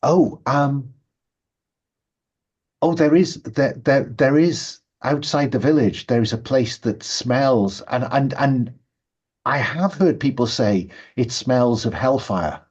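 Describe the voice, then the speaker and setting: A man voicing a timid, frightened female servant in a tabletop game; she stammers, repeats her words and keeps her voice hushed. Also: mid-range voice, takes it slowly, breathy edge, voice pushed up. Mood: nervous. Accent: Saxon-accented, as a stranger in the village. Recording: dull lo-fi sound.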